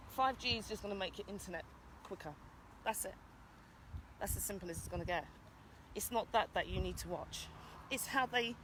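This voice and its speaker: With a medium-pitched, fairly bright voice, a British woman in an outdoor vlog passionately urges passers-by, calling out to them in an urgent rant. A faint hiss or hum runs under the audio.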